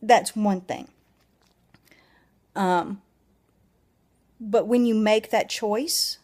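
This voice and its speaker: A woman's voice: lowish voice, a little mellow. Blunt Southern woman vlogger. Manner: blunt, emphatic, swears freely. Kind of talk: motivational talk to camera.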